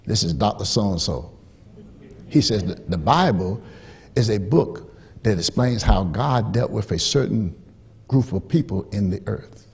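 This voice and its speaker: Husky-voiced, fiery preacher. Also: male voice, lowish voice, expressive, unhurried. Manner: emphatic preacher, repeats phrases, swings from hushed storytelling to rising shouts. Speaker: pastor. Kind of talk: sermon.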